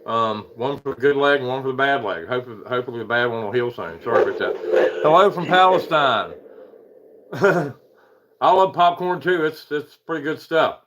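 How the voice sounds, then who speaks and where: A rambling man with a drawl, talking to his livestream viewers at an easy mid-range pitch. He chuckles often, puts himself down, and trails off into restarts. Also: animated, moderate pace, background noise. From Eastern United States. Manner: rambling, self-deprecating, chuckles often, greets chatters. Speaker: paranormal livestream host. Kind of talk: casual livestream chat.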